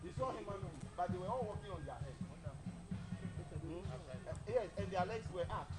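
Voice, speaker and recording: A man's voice: high voice, lively intonation, measured pace, over loud music, poor audio. A man telling a folktale to a live audience, often asking his listeners questions and having them repeat lines. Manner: call-and-response, asks listeners questions. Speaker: storyteller.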